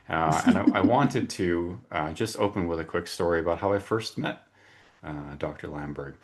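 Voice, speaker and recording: A very low-voiced man opens a webinar over a video call. He talks casually, with plenty of filler words and restarts. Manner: chatty, frequent fillers and restarts. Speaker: webinar host.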